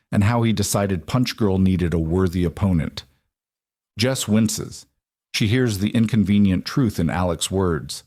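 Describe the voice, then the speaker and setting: A man narrating a novel as an audiobook, in measured storytelling with varied intonation on a close studio mic. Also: on the low side, darkish tone, dry recording. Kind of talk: scripted narration.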